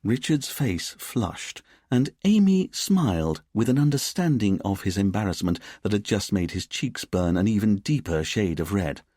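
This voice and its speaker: A man with a fairly low voice narrates a scripted mystery audiobook in a measured, expressive storytelling style. The studio sound is clean, with no echo.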